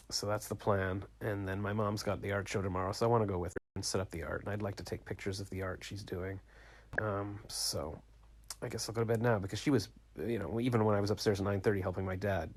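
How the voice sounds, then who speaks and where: Late at night in a small home studio, a male vlogger reflects aloud in a rambling video diary, recounting conversations. His pitch is fairly low.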